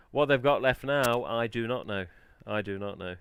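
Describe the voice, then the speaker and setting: A man's voice: medium pitch, normal speed, few pauses, fairly bright tone, slight background noise. A man hosting a casual live stream, chatting in a rambling way and answering the chat. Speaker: livestream host.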